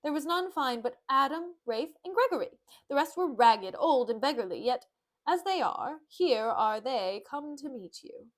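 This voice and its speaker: A woman's voice: high voice, expressive, normal speed. A woman doing a flustered servant making excuses. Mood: formal. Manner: rambling excuses. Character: flustered apologetic male servant.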